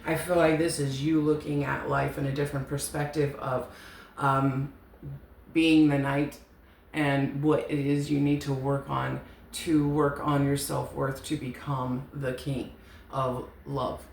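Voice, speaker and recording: A woman's voice: rumbling low, little pitch movement, measured pace, gravelly, a little mellow. A woman giving a casual, rambling tarot reading, frank and chatty, swearing now and then. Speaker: tarot reader. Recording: echoey room with faint hiss.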